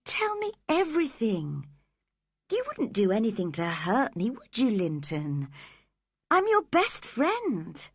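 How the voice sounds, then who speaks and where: A woman voicing a gentle but spirited young woman who speaks softly and coaxingly. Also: fairly high pitch, huge pitch swings, slow, breathy edge, no room sound, studio quality, full character voice. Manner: soft and coaxing, firm when defiant.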